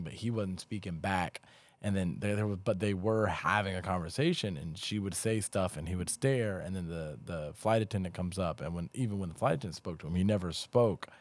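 A man with a deep, low voice in casual podcast banter. He jokes and teases as he tells stories. The sound is dry and close. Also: a little mellow, dry recording. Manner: joking, teasing banter. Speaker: podcast guest. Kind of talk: casual chat.

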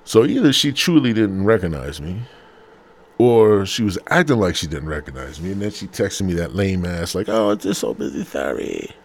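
Deep-voiced male podcast host, loose and foul-mouthed, talking from his bed at home. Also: sing-song, normal speed. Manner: rambling, profane and slangy. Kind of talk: casual podcast monologue.

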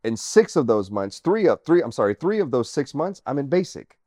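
A man, an army veteran, telling his personal story as a guest in an interview, earnest and animated, sometimes dropping to a near-whisper. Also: medium pitch, a little fast, no echo, studio quality.

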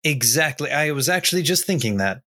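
A man's voice: on the high side, lively intonation, brisk, pushed and bright. A man playing in a tabletop role-playing game, talking casually and agreeably. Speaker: player.

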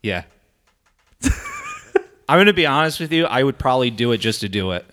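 A man's voice: mid-range voice, expressive, normal speed, fairly bright tone. A man co-hosting a casual podcast, laid-back and teasing, laughing a lot. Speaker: podcast co-host.

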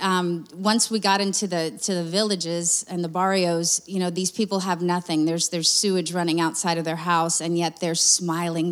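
A woman giving a chatty testimony to a church congregation, with many fillers. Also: fairly low pitch. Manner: chatty, warm-hearted storytelling with many fillers. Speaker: church mission team member. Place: church sanctuary.

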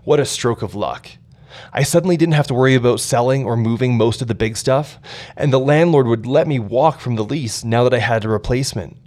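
An earnest young man narrates his memoir with reflective sincerity. His voice sits at a middle pitch, plain and unhurried. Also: darkish tone.

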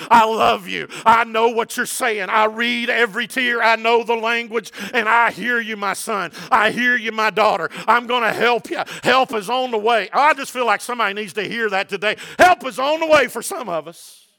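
Man, pastor, sermon, high-pitched, forceful bright tone, impassioned preaching. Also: normal speed, creaky, few pauses. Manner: builds from quiet talk to loud impassioned preaching.

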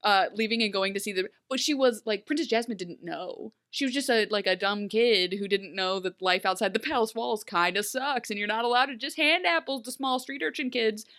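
A woman co-hosting a casual chat, animated and quick to laugh, often dropping into little character voices. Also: fairly high pitch. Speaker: podcast co-host recapping a TV episode.

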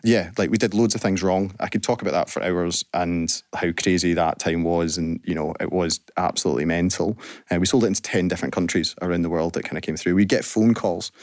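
A man's voice: low voice, fairly even intonation, fairly quick, darkish tone, dry recording, studio quality. A man, a business founder from Scotland, chatting in a radio interview and telling his story with lots of casual fillers. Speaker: guest entrepreneur.

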